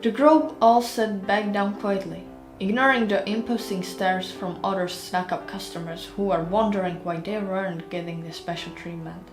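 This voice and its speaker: Casting: woman narrator for a fan audiobook, mid pitch, roomy room, faint music underneath. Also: normal speed, few pauses. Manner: plain storytelling, chatty in outro.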